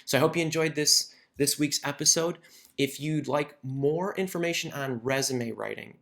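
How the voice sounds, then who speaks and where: A man's voice: mid-range voice, creaky, a bit bright. A man who hosts a career advice video, teaching in a conversational way and often repeating words as he thinks. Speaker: career coach and video host. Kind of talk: instructional talk to camera.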